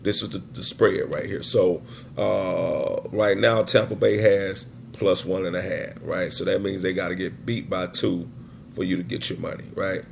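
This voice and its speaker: A man's voice: low voice, fairly even intonation, measured pace, vocal fry, slight background noise. A man teaching sports betting in a casual screen-share walkthrough, chatty and often checking in with his listeners. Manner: chatty, keeps checking in with "right?" and "guys".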